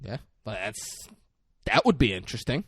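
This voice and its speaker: A man chats casually on a podcast, walking through a movie's plot. His pitch is lively and jumps around, and he swears freely. The sound is close and dry, with no room echo. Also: normal speed, husky. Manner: retells scenes acting out characters' lines with big swings in pitch and loudness. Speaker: podcast co-host. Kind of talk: casual movie recap chat.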